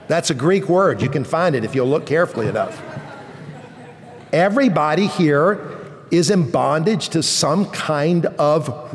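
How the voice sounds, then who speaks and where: A man's voice: on the high side, in a large hall. A man preaching a sermon to a large congregation, teaching emphatically and firing rhetorical questions at the listeners. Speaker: pastor. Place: large church sanctuary.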